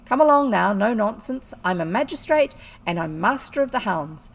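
A gruff white-whiskered old gentleman in a storybook, full of anger and bluster, played by a woman reading aloud. He talks loudly and harshly. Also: mid-range voice, very animated, normal speed. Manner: loud, blustering.

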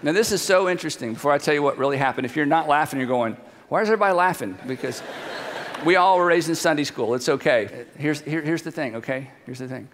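A male pastor giving a sermon in a church, animated and conversational, dropping to hushed emphasis on key points. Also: on the high side, fast talker, big-room sound, a little hiss or hum. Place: church sanctuary.

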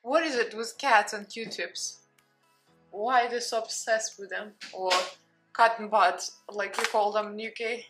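A young adult woman with a Russian accent chats casually through a makeup tutorial, pausing between steps to talk to her cat. Her medium-pitched voice is steady and fairly bright, moving at a measured pace. Soft music plays in the background of this beauty vlog.

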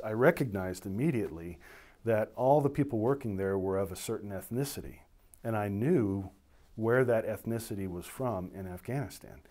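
Lower-voiced military officer telling a story. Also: male voice. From United States. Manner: animated storytelling, voicing others in dialogue. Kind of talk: recounting a personal story.

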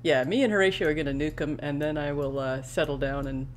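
A woman's voice: low voice, fairly even intonation, fairly quick, a little hiss or hum. A woman giving casual gameplay commentary, chatting to her in-game pet companion as she plays. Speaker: let's play gamer.

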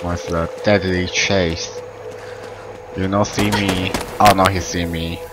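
Deep-voiced young man doing game commentary. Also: slow, poor audio. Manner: excitable, swears, broken English. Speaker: gameplay commentator. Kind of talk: let's play commentary. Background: game music.

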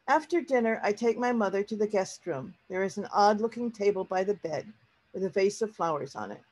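A woman teacher reading a story aloud to a class, pausing to explain words to her learners. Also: mid-range voice, expressive, darkish tone, low-quality recording.

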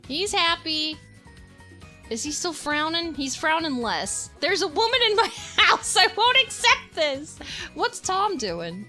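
A woman with a very high, bright voice streams a life-sim game live, laughing constantly and swearing at what she sees. She talks slowly, but her pitch bounces all over. Faint music plays behind her. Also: sing-song. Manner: giggly, swears often, reacts loudly. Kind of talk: live gameplay commentary.

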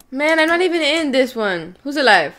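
A young woman streaming a game with a friend, loud and giggly, shrieking one moment and mumbling low the next. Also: big pitch swings, a little slow. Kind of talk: casual gaming stream chat.

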